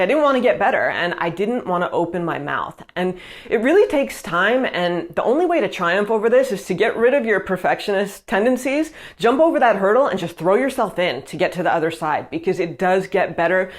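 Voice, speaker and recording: A woman vlogger giving direct, emphatic advice in a casual, conversational way, often checking in with "right?" and "you know". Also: lowish voice.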